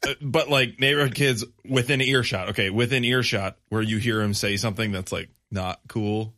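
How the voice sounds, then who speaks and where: Middle-aged man, co-host, chatty, quick to laugh, bright forward tone. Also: on the low side. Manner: laughs often, chatty and relaxed. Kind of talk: casual chat.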